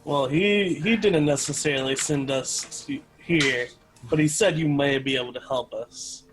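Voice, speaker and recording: A man playing a tabletop game, talking in a hesitant, halting way. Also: fairly high pitch, soft background music, poor audio. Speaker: player. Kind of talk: casual tabletop play.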